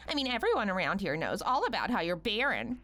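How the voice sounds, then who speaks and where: A woman's voice: medium pitch, big pitch swings, quick pace, fairly bright tone, voice pushed down. A woman putting on a mocking scheming mother. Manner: mocking, condescending and bossy. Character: scheming, rude young mother selling her son. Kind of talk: animated story voice acting.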